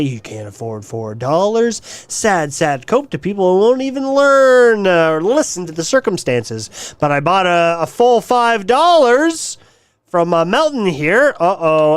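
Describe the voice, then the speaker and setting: A man's voice: fairly high pitch, smooth, dry recording. A man hosting a livestream, ranting casually in a mocking, crude way and swearing often. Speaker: livestream host.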